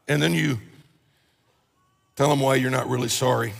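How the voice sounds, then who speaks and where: A man preaching a conversational sermon as pastor, animated and joking, acting out everyday complaints. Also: medium pitch, moderate pace, creaky, long pauses, long reverb tail.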